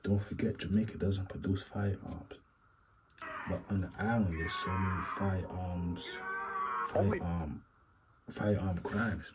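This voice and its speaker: A man's voice: sits low, steady tone, slow pace, pauses often, loud music behind the voice, low-quality recording. A man hosting a casual commentary talk, rambling and musing, circling back with repeated asides. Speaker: commentary channel host.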